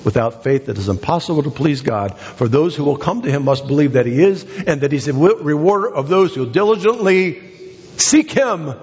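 A male pastor preaching a sermon in a church, building to excited, emphatic exhortations with repeated phrases. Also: on the high side, normal speed. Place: church sanctuary. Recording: dull sound with long hall reverb.

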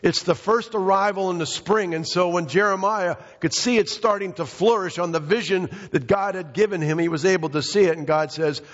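A man's voice: a little high, moderate pace, highs cut off. Man preaching in an echoing hall. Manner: emphatic, repeats phrases, addresses congregation by name. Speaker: pastor. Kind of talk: sermon.

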